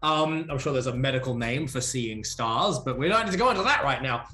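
A man who is a singer and former wrestler, telling stories as an interview guest in a theatrical way and breaking into loud shouted calls, heard over a video call. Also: mid-range voice, expressive, a little fast, roomy sound. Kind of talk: animated storytelling in an interview.

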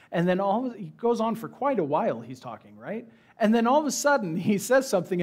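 A male pastor delivers a sermon in a casual, conversational way, speaking a little higher than most men. He turns the scripture passage into a lively story and acts out the characters' lines as he goes. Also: fast. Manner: conversational, animated storytelling with acted-out quotes. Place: church.

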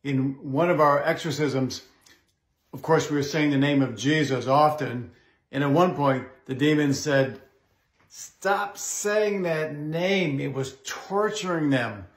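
A man, a Catholic priest and exorcist, giving a pastoral teaching talk in a measured way, pausing often with "uh". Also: medium pitch, echoey room. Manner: measured, with frequent "uh" pauses.

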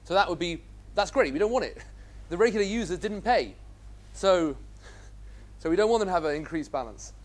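His voice sits high and his intonation is lively; he talks a little fast but leaves long pauses. He's an instructor giving a live coding lecture, cheerfully enthusiastic and asking his students questions as he teaches programming.

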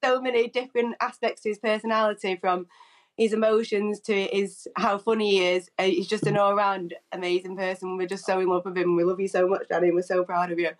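A woman on a live TV link, talking excitedly and proudly in long run-on praise. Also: mid-range voice, fairly quick, low-quality recording. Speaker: guest's fiancee. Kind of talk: live TV interview.

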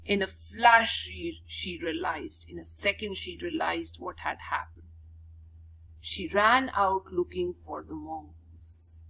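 A teacher, reading a story to pupils and explaining words by repeating them and giving synonyms. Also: female voice, lowish voice, slow pace, gravelly, bright, forceful tone, slightly rough, rough recording. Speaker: English teacher. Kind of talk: reading a school lesson aloud and explaining words.

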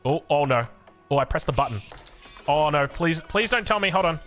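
A man's voice: a little high, expressive, moderate pace, a bit bright, soft background music. A young Australian man casting a strategy game match, jokey and full of puns. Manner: jokey, punning, self-deprecating. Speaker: game caster. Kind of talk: live match commentary.

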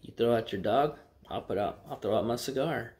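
A man voicing a blunt, rich Texan who talks gruffly and brusquely. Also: mid-range voice, fairly quick, darkish tone, lightly acted. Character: blunt rich male Texan, cigar smoker.

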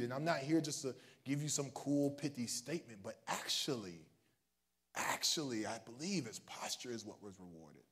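A male minister preaching a livestreamed sermon in a casual, joking way, swinging from soft asides to loud, high cries. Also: lively intonation, normal speed, breathy edge. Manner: casual and joking between points.

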